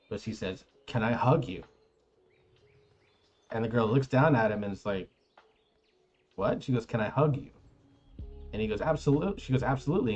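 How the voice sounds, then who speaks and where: A man with a low voice tells a long, meandering story in casual chat, full of fillers and little restarts. He acts out what others said as he goes, with faint music playing underneath. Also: dull audio. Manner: rambling, animated anecdote with many fillers. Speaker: streamer.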